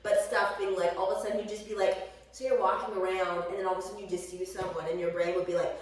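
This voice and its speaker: A woman's voice: mid-range voice, little pitch movement, quick pace. Profane, rambling woman in an echoey room. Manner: rambling, candid and profane, with laughs. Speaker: vlogger. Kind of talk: casual chat to camera. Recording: echoey room, voice from far off the mic.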